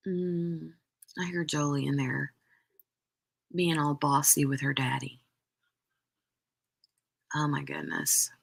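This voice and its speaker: A woman's voice: low-pitched, takes it slowly, creaky, long pauses, breathy edge. A woman hosting a craft live stream, chatting casually with viewers in a rambling way full of "like" and "um".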